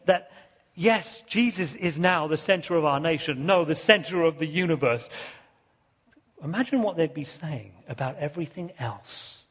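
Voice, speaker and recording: A British-born man preaching with a high, slightly husky voice, driving his points home by repeating key words. The sound is dull and carries a long hall reverb, as if heard in a big church. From Britain. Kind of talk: sermon.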